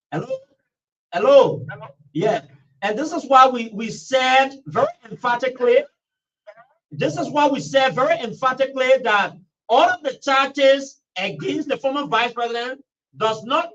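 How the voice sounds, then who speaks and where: A very high-pitched male radio host, pressing his points emphatically and leaning on "you know" as he takes callers. His voice sounds dull and set back from the mic, like a muffled broadcast. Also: moderate pace, fairly bright tone. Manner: emphatic, repetitive, heavy use of "you know". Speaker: radio talk show host. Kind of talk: call-in political talk. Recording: dull, distant radio studio recording.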